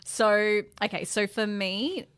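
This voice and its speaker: A woman's voice: mid-range voice, slow, a bit bright, clear, resonant tone, dry recording. A young woman, co-hosting a podcast in playful, teasing, laughing chat. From Australia. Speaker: podcast co-host. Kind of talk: casual chat.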